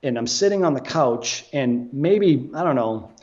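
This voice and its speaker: A man, a guest on a podcast, telling a story in a casual, animated way, swearing and laughing as he goes. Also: mid-range voice, unhurried, lo-fi sound.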